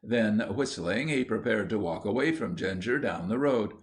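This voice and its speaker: A man reading a children's audiobook aloud in a steady, measured narration. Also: on the low side. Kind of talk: scripted storybook narration.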